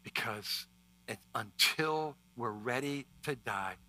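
Guy preaching, emotional storyteller, stumbles and restarts a lot, bright voice. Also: medium pitch, slow pace. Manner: emotional storytelling with frequent restarts and repeated words. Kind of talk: sermon with personal story.

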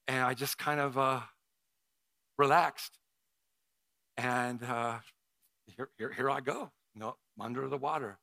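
A man's voice: medium pitch, steady tone, slow pace, long pauses, bright, forceful tone, dry recording. A man preaching a sermon, telling a personal story with emotion and frequent stammered restarts.

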